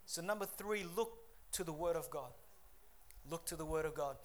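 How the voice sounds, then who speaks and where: A man preaching a sermon at a church service, building to loud emphatic peaks, then pleading softly as he gives an altar call. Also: on the high side, normal speed. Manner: softer, pleading invitation during altar call.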